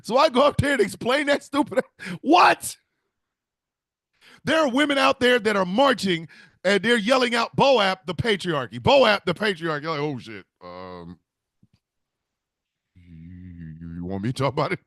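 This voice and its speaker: A man's voice: high-pitched, lively intonation, measured pace, long pauses, a bit bright, no room sound, studio quality. A man hosting a comedic talk show, telling a rambling story full of laughter and swearing. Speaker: show host.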